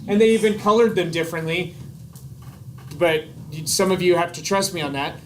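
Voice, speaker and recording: A man's voice: high-pitched, moderate pace, a little hiss or hum. A man giving a classroom biology lecture in a chatty, casual way, with jokey asides and frequent checks of "right?".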